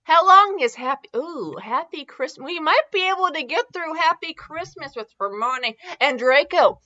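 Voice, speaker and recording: Young woman host, high sparkly voice, sarcastic and giggly, dull lo-fi recording. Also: lively intonation, moderate pace, sharp tone. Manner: sarcastic, giggly, swears and mocks the text. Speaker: podcast host reading fan fiction. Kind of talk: comedic fan fiction reading with asides. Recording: dull lo-fi audio.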